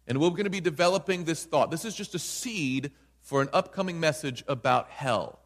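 A man's voice: a little high, normal speed, in a large hall. A man preaching a Bible study sermon in an emphatic way, often checking in with listeners by asking "right?".

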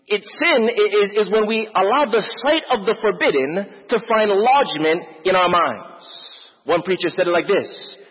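A man's voice: high-pitched, slightly rough, in a large hall, dull audio. A man preaching a sermon with emphatic delivery, repeating key phrases for effect.

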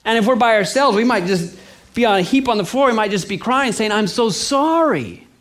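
Animated male preacher, high voice. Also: quick pace. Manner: animated, acts out little scenes in voices. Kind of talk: sermon.

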